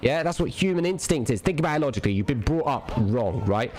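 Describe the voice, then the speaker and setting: A man's voice: mid-range voice, animated, fast, a little mellow. A young man streaming a game, ranting casually, profane and rambling with lots of restarts. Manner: rambling, profane, repeats himself.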